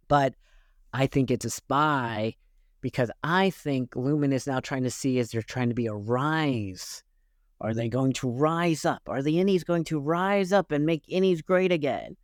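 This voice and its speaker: A man's voice: mid-range voice, dry recording, studio quality. A young man giving a casual, rambling TV recap as host, blunt and crude, full of fillers like "you know" and "like". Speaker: show host reviewing TV episodes. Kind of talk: casual solo recap and commentary.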